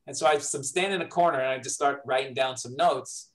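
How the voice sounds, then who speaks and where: Middle-aged New comic, storytelling in an interview, mid-pitched and animated, acts out his quotes. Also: fast, poor audio. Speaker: comedian and comedy writer. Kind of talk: casual storytelling in a podcast interview.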